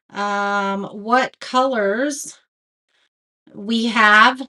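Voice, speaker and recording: With a fairly high and somewhat bright voice, a woman leads a live craft tutorial. She keeps the talk casual, reads viewer comments out loud, and good-naturedly laughs at the things she gets wrong.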